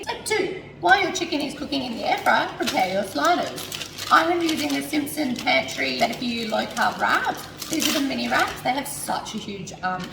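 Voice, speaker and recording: A woman's voice: fairly high pitch, gravelly, background noise. A woman hosting a casual cooking vlog from her home kitchen, hungover, giggly and rambling as she chats. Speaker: cooking show host. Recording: echoey kitchen, mic at a distance.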